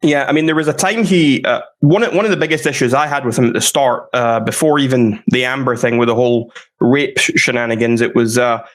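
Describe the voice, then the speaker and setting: A man's voice: mid-range voice, fairly even intonation, fairly quick, hardly any pauses. A man talking through a story in casual chat, rambling with fillers and restarts. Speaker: commentary YouTuber.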